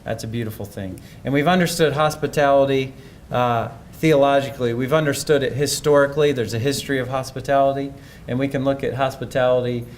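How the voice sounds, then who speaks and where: A man's voice: medium pitch, a little hiss or hum. A man giving a conference presentation in a conversational, thoughtful way, often restarting his sentences. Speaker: speaker.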